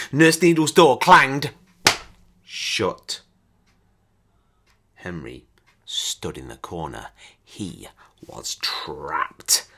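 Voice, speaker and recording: A man reading a children's storybook aloud in an expressive, dramatic way. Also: on the low side. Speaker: storybook reader.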